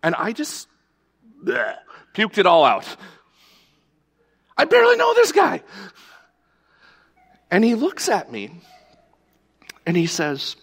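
A man's voice: high-pitched, wildly swooping pitch, takes it slowly, vocal fry, long pauses, a bit bright, breathy edge, long reverb tail. A male pastor preaching a sermon, telling a personal story in a conversational storytelling way.

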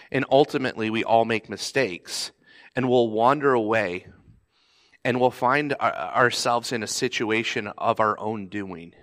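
A man, a pastor, preaching a sermon in a conversational way, now and then acting out pleading voices in a sharply raised pitch. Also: fairly bright tone.

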